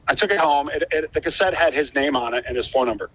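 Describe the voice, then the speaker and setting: Brief: chatty guest musician, man, swears freely, muffled low-fi recording. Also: quick pace. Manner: animated, profane, acts out quoted dialogue. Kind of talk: casual storytelling interview.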